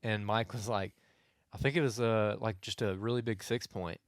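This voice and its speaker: A man's voice: lowish voice, fairly even intonation, moderate pace, dry recording, studio quality. A young man, co-hosting a casual podcast and telling a long story full of restarts and asides. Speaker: podcast co-host. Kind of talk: casual hunting podcast chat.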